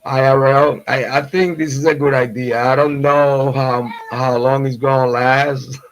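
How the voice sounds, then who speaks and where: A man in a casual pre-show livestream, talking at a slow, easy pace in a mid-range voice. He trash-talks loosely and profanely, breaking into laughter often, and turns affectionate toward his family. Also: mid-range voice, little pitch movement, low-quality recording. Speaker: true crime livestream host.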